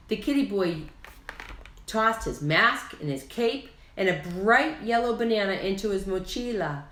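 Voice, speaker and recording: A woman reading a children's picture book aloud, slow and expressive, with lively character voices. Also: mid-range voice, a little hiss or hum. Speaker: children's story reader. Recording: echoey room.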